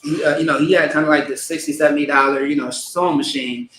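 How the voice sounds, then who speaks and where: A man's voice: fairly high pitch, fast. A man leading a small worship service, chatting loosely with many restarts before leading prayers line by line. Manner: relaxed slangy talk with many restarts. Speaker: service leader. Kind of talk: casual chat then call-and-response prayer. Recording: echoey room with faint background noise.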